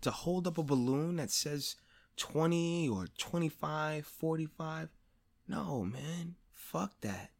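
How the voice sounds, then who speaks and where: A man hosting a podcast, talking in a personal monologue, blunt and profane, repeating phrases for emphasis and rising louder and higher as he presses a point. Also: lively intonation, slow pace, creaky. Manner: grows louder and higher when stressing a point. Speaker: podcast host.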